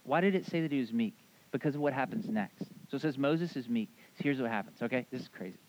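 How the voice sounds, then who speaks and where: A man in his thirties preaching a sermon, animated and casual, acting out voices in his retelling. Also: medium pitch, fast, lo-fi sound. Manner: animated storyteller, acts out voices, casual asides. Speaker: pastor.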